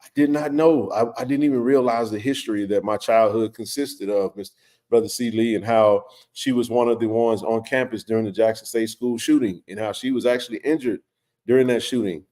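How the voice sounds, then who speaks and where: A man hosting a live stream, telling a personal story in a loose, animated way with lots of fillers and restarts. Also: mid-range voice, brisk. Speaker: livestream host. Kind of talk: casual storytelling to a live chat.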